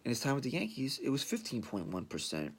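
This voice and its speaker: A man's voice: medium pitch, very animated, fast talker, breathy edge. A man hosting a podcast, giving a blunt, sarcastic sports rant and mocking the people he talks about. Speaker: podcast host.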